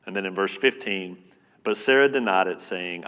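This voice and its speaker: A man preaching a sermon as pastor, earnest and conversational, repeating words and swinging between loud and soft. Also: low voice, unhurried, pauses often. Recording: long reverb of a hall.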